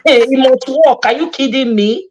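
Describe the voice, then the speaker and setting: A woman's voice: high-pitched, normal speed, a crowd in the background, low-quality recording. A Nigerian woman hosting a casual chat, passionate and emphatic, mixing Pidgin and English. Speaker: host.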